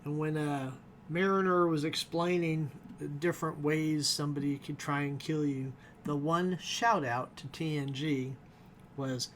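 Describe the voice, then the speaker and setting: A man's voice: a little high, steady tone, measured pace, a bit bright, a little hiss or hum. A man casually reviewing a TV episode, rambling and chuckling as he goes.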